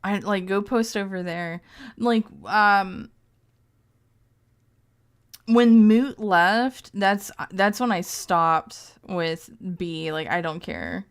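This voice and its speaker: A woman's voice: mid-range voice, extremely slow, clear, resonant tone. A woman streamer reading text aloud in casual live-stream commentary, breaking off into crude, joking asides and frequent laughs. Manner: laughs often.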